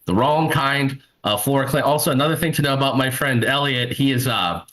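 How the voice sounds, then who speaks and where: A man's voice: mid-range voice, fairly quick, a bit bright, poor audio. A young man doing a live stand-up set, telling rambling stories with crude asides. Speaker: stand-up comedian. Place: comedy club stage.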